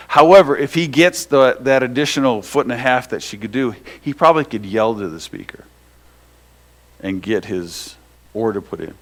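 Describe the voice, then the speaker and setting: A male pastor telling a story in a sermon, animated, with restarts and asides to his listeners. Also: mid-range voice, moderate pace, pauses often.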